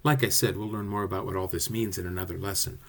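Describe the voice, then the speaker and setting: A man teaching a recorded drama lesson, explaining verse in an expressive way. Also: deep voice, fast.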